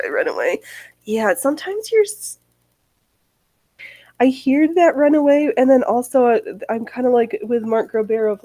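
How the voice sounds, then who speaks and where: A woman's voice: on the high side, dark tone, no echo, low-quality recording. A woman hosting a livestream, chatting casually and rambling as she answers chat comments, with frequent swearing. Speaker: livestream host.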